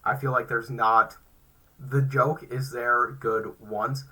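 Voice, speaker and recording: Blunt, dry-joking man with a husky, bright voice. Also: mid-range voice, fairly even intonation, takes it slowly, poor audio. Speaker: podcast co-host. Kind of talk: casual chat. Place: home recording, live stream.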